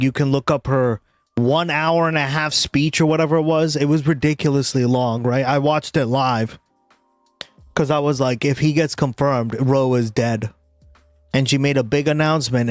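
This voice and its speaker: A man's voice: medium pitch, fairly even intonation, moderate pace, pauses often, no room sound, soft background music. A man giving casual political commentary from his parents' house, rambling and checking in with "right?" after most points. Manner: rambling, keeps adding "right?". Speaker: streamer commenting on news.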